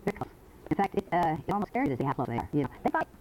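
Fast-talking older woman telling her story. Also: on the low side, big pitch swings, a little mellow, a little hiss or hum, poor audio. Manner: rambling, folksy storytelling. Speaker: recovery meeting speaker. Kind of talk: personal testimony talk.

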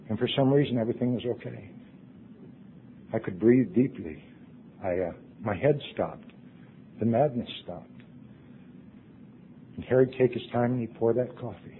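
A man telling his recovery story to a meeting, earnest, his voice dropping hushed at emotional points. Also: medium pitch, slightly rough. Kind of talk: personal recovery talk. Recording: tinny phone-like recording.

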